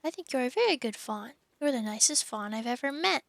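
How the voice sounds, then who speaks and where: A woman's voice: high-pitched, animated, brisk, creaky, no echo. A woman voicing an earnest, worried young girl who pleads and insists in a raised voice.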